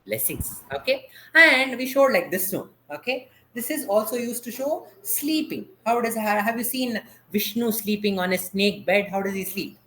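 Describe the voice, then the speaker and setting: A man's voice: high voice, lively intonation, normal speed, hardly any pauses, pushed and bright, reverberant, a little hiss or hum. A man teaching a dance class over a video call. He patiently asks questions and has the students repeat each term after him.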